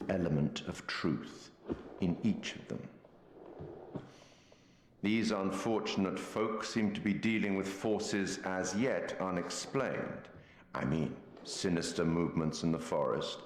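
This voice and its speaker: A man's voice: low voice, a little hiss or hum, exaggerated voice. An actor playing a mysterious, well-spoken male narrator-host in a game, musing and theatrical. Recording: roomy hall reverb.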